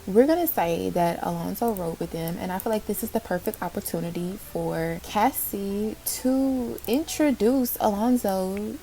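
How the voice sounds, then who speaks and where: A woman, excitedly narrating her life-sim game story in casual commentary and talking straight to her viewers. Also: mid-range voice, gravelly, a little hiss or hum. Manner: chatty, excitable, addresses viewers as y'all. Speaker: Sims gameplay narrator.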